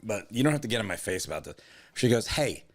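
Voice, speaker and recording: A young comedy podcast co-host tells a story casually and animatedly, acting out both sides in loud, raised voices. His pitch is fairly low and his pace quick.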